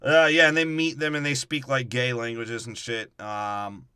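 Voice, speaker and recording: A man with a bright, forceful voice riffs crudely on a film as podcast co-host. His talk is loose and full of swearing. The sound is close and dry. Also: mid-range voice, little pitch movement, moderate pace, smooth, no room sound. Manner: crude, profane, joking. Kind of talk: casual comedic movie breakdown.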